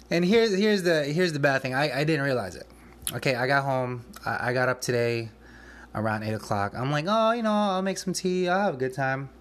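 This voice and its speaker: A man's voice: mid-range voice, fairly bright tone. Rambling man telling a work story. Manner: rambling, frequent restarts and nervous laughs. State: shaken and anxious. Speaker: restaurant back of house manager. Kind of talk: casual podcast storytelling.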